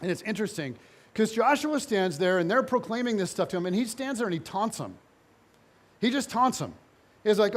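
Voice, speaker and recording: Male pastor, higher-pitched voice, animated storyteller preaching to a congregation. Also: brisk. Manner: animated storytelling, voicing biblical figures in dialogue. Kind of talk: sermon.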